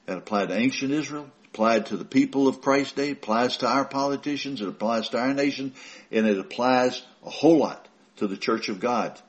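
A man preaching a sermon, emphatic, swinging from loud raised stresses to quiet asides, reading scripture in slow weighty bursts. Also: lo-fi sound. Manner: emphatic, rising to stress key words and dropping low for asides.

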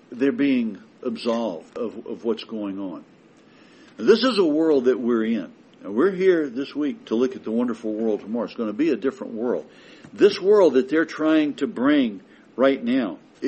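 Husky guy preaching a sermon, gets loud and emphatic, punches his points. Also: medium pitch, rough recording. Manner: emphatic, building to forceful declarations.

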